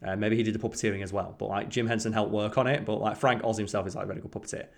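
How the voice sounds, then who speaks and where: A man's voice: lowish voice, fairly even intonation, rapid-fire, vocal fry. A man co-hosting a podcast, chatting casually and rambling with lots of fillers. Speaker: podcast co-host. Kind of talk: casual chat.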